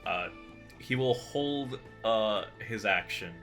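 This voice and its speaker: A man's voice: on the low side, lively intonation, slow pace, fairly bright tone, soft background music. A man talking as a player at a tabletop game, hesitant and stumbling over words. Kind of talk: casual chat at a game table.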